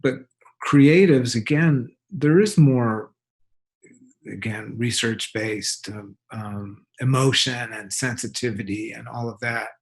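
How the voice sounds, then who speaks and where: Deliberate man explaining calmly. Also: mid-range voice, creaky. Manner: deliberate, hesitant phrasing. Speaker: psychologist guest. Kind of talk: measured explanation.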